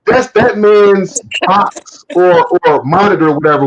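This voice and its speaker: This live-stream host has a high voice and a measured pace, heard through dull audio. His storytelling is casual and animated, with acted-out quotes and some swearing.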